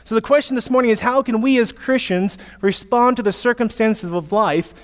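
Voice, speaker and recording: A man in his thirties, a pastor giving a sermon, telling stories with lively asides to his listeners. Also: extremely high pitch, normal speed. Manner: storytelling with animated asides to listeners. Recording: echoey hall, long reverb.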